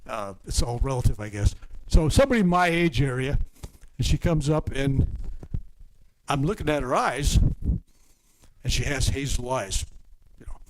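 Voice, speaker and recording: An older reverend leading a healing service, rambling through anecdotes with stumbling restarts and dropping to a hushed murmur for healing prompts. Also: male voice, mid-range voice, animated, normal speed, a little hiss or hum, rough recording. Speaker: faith healer reverend.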